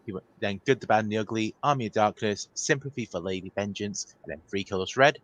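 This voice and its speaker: Low-voiced man reading a recap list. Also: fast talker, dull audio. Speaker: co-host.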